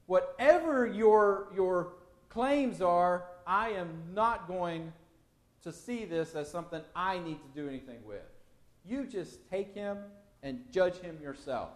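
A man's voice: sits high, animated, slow pace, echoey room. A man preaching a verse-by-verse sermon, asking his listeners questions as he explains the text. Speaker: pastor. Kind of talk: expository sermon.

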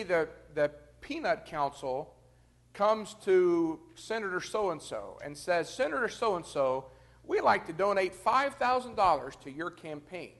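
A man with a notably high voice leads a Bible class, talking through the text one verse at a time. He keeps an easy, conversational tone and speaks straight to the group in front of him. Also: fairly bright tone. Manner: explains verse by verse, addresses the class directly. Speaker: Bible study teacher.

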